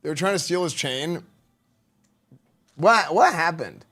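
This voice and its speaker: A male streamer talks through clips in a relaxed, rambling way. His voice sits a bit on the high side, and he fills his sentences with "like" and "dude". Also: unhurried. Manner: loose, rambling, says "like" and "dude" a lot. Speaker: livestreamer reacting to clips. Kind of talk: casual chat.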